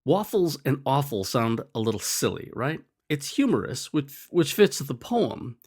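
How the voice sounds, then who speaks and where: A man's voice: medium pitch, big pitch swings, a little slow, darkish tone, slightly rough. A man narrating a scripted lesson in a wry, explanatory way. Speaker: teacher.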